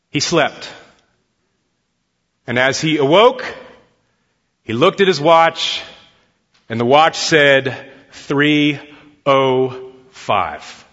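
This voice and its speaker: A male pastor preaching a Sunday sermon, telling a story and acting out its dialogue. His voice is bright and forceful and sits a bit high. The sound is dull and lo-fi, with a long church-hall echo. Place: church sanctuary.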